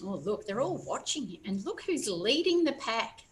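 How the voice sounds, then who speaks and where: Reading a picture book to kids at library story time, a woman storyteller speaks at normal speed in a voice on the high side. She's lively, adding playful asides for her young audience, and there's a little hiss or hum.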